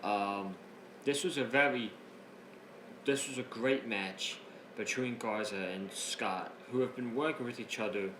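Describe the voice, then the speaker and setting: A man reviewing a wrestling show in a casual recap. He is excitable and rambling, keeps restarting his sentences, and breaks up laughing as he retells the jokes. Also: fairly low pitch, a little slow, a little hiss or hum. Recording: roomy echo, faint ambience.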